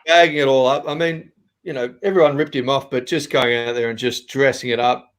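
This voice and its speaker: A man, a comedian guest on a video call, with a dry, deadpan manner. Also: medium pitch, a little fast. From Australia. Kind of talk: casual video call chat.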